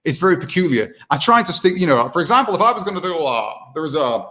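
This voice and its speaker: A man's voice: on the high side, fast. A man chatting on a video call, an impressionist who keeps slipping into voices. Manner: chatty, animated, slips into impressions. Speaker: impressionist guest.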